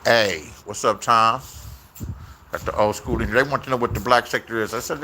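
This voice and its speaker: A man's voice: lowish voice, normal speed, bright, forceful tone, a little hiss or hum. A man telling stories in a casual, rambling rant, swearing a lot and repeating his phrases.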